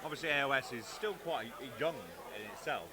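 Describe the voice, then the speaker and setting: A man's voice: mid-range voice, fairly quick, crowd noise. A man co-commentating on a live stream, bantering playfully with mock outrage.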